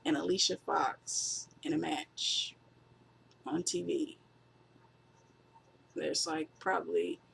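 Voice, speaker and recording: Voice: medium pitch, gravelly, breathy edge. A reviewer giving a casual, rambling spoken recap of a wrestling show, offhand and full of fillers.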